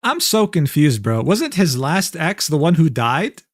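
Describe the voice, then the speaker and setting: Streaming live, a young man reacts to a document with loose, rambling commentary packed with slang fillers like "bro" and "dude." His high-side voice swings widely in pitch and moves a little slowly, recorded in studio quality with no echo.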